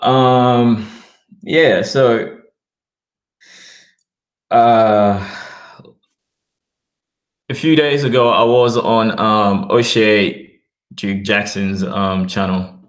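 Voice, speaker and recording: A man with a blended Australian and British accent chats on his livestream in a low voice. He talks very slowly and rambles while addressing viewers in the chat. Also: roomy sound. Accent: mixed Australian and British.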